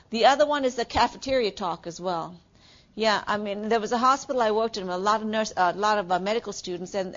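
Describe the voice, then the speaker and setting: A woman's voice: mid-range voice, muffled recording. A middle-aged woman giving a classroom lecture as a nursing instructor, talking conversationally, asking the class questions and saying "okay" often.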